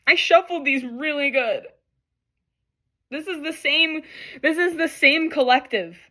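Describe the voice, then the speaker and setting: A woman talks through a tarot spread for her viewers in a slightly high voice. She keeps breaking off in halting, apologetic bursts, overwhelmed and near tears. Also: sharp tone. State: crying at times. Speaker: tarot reader. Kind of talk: emotional tarot reading vlog.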